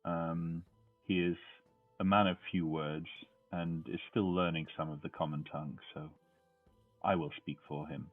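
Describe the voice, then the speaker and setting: Deep-voiced man on a tinny line. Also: level tone, measured pace, soft background music. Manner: smooth-talking, formal in character. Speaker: player. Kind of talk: in-character tabletop play. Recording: tinny phone-like voice chat.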